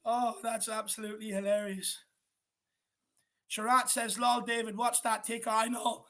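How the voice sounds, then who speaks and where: An Irish man with a high, ringing voice co-hosts a football watch-along. He talks in a loose, excitable way and laughs and swears freely between remarks. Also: moderate pace.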